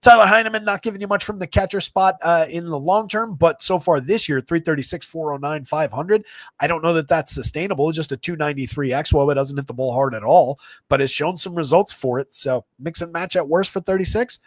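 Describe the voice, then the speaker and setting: Guy rattling off baseball stats on a stream, kinda high voice, dead dry mic, lots of uhs. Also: dry recording. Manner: rapid stat-heavy delivery with frequent fillers. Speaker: fantasy baseball analyst. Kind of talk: live stream sports stats rundown.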